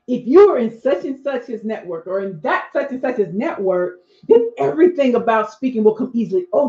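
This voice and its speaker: A woman's voice: mid-range voice, warm tone. A woman in her forties, a speaking coach, chatting live with her viewers and talking straight to them. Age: 40s. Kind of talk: live stream chat reading viewer comments. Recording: echoey room, dull lo-fi sound.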